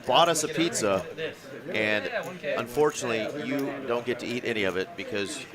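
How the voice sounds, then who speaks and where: A man doing live poker commentary in an upbeat, chatty way, giving shout-outs to the viewers. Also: mid-range voice, lively intonation, normal speed, a loud crowd.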